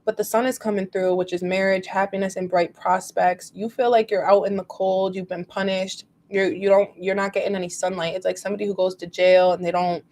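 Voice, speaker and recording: Woman tarot reader, mid-pitched, chatty and emotive, lots of fillers. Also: level tone, a little fast, few pauses, a little mellow. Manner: rambling and emotive, heavy use of "like". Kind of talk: casual tarot reading to viewers.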